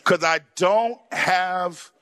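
Bright, high-voiced animated man preaching. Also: extremely slow, dry recording. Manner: animated storytelling, shouting punchlines, laughing along. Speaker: pastor. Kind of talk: sermon.

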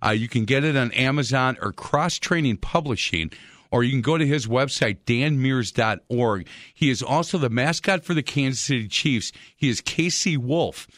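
A man's voice: mid-range voice, moderate pace, fairly bright tone, no room sound. Man, radio host, chatty storyteller, dry close studio sound. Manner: chatty storyteller, laughs at his own tales. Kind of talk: casual radio talk. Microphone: studio microphone.

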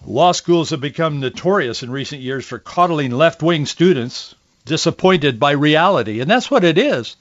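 A man's voice: on the high side, animated, moderate pace. Indignant male talk show host. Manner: indignant, sarcastic, restarts often. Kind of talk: opinionated political commentary. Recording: dull lo-fi audio.

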